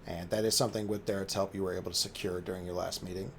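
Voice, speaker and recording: A man narrating as game master of a tabletop game, measured with a few fillers. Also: sits low, level tone, vocal fry, slight background noise.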